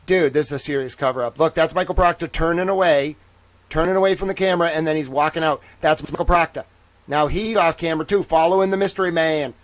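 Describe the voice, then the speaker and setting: On a dry recording, a man with a fairly high voice talks quickly while hosting a casual livestream. He puts on a Southern drawl and comes across playful, teasing and boastful.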